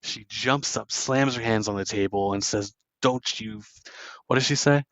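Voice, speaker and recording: A man's voice: lowish voice, normal speed, fairly bright tone, no room sound, muffled recording. A man hosting a casual podcast, retelling movie scenes and briefly acting out the characters' lines. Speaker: podcast host. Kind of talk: casual movie recap chat.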